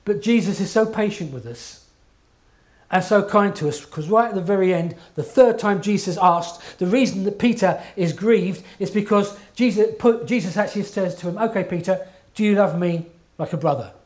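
A man's voice: high-pitched, normal speed. Earnest male preacher mid-sermon. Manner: earnest, emphatic, checks in with the congregation.

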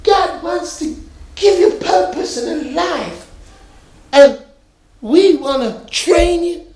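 A man voicing a fervent male street outreach worker in a put-on accent, pleading slowly and earnestly. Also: very high-pitched, lively intonation, darkish tone, voice pushed up, heavily acted. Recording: echoey room.

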